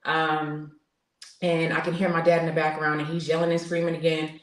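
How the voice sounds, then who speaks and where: A woman in her forties speaks in a low register and tells her own story candidly, pausing on fillers and starting sentences over. Her voice carries some room echo around it. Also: flat delivery. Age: 40s. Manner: earnest, open, with frequent fillers and restarts. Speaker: podcast guest, military veteran. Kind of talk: candid personal storytelling in conversation. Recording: roomy echo.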